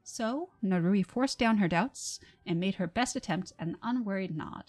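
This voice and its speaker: A woman reading her own fantasy novel on a livestream, with soft, measured narration and casual asides. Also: mid-range voice, faint music behind. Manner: soft, measured narration, laughs between passages.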